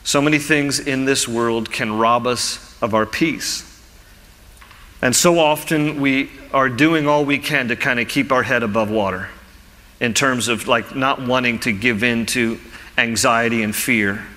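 Bright-voiced preaching pastor in a hall. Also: male voice, medium pitch, unhurried. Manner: teaching verse by verse, with restarts. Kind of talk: sermon.

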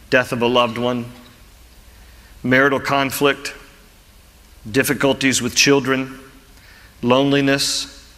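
A man's voice: medium pitch, pushed and bright, in a large hall. A male pastor preaching a teaching sermon, explaining scripture with frequent restarts and repeated words.

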